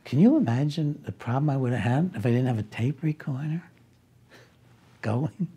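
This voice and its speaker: Man, very raspy voice, dark tone, casual storytelling, wry asides. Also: mid-range voice, expressive, moderate pace. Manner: anecdotal, with wry asides and restarts. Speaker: speaker recounting a personal conflict. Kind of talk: conversational storytelling.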